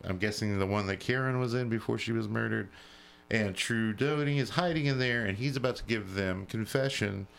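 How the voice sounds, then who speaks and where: A man on a podcast recapping a horror film in a casual, profane, animated way. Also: lowish voice, moderate pace, vocal fry. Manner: profane, animated retelling of plot. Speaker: podcast co-host. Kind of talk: casual chat.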